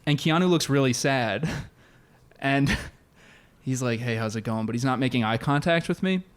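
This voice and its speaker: A man co-hosting a casual podcast, telling a story in an animated way and laughing often. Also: medium pitch, normal speed, clean tone. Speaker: podcast co-host. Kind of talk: casual chat.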